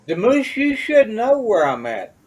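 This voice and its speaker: A man's voice: high voice, huge pitch swings, unhurried, a crowd in the background, poor audio. A man from West Virginia with a Southern accent, chatting casually and agreeing often. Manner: agreeable, frequent "yeah". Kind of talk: casual chat.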